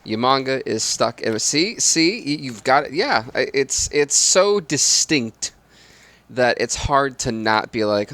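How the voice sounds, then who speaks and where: Unhurried and mid-range, his voice comes through a dry recording. It's a gaming channel host doing solo commentary on a football video game, loose and excitable when big plays happen, then mumbling little side comments.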